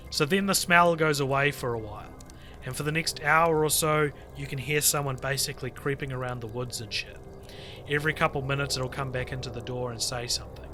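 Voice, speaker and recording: A man on a podcast reading a creepy internet story aloud to friends, lively and full of swearing. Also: medium pitch. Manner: animated storyteller, swears freely, breaks off to chat. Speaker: podcast co-host reading stories.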